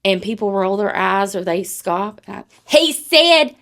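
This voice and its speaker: A woman's voice: mid-range voice, flat delivery, moderate pace, creaky. Sassy woman, profane and blunt. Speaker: podcast co-host. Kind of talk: casual chat.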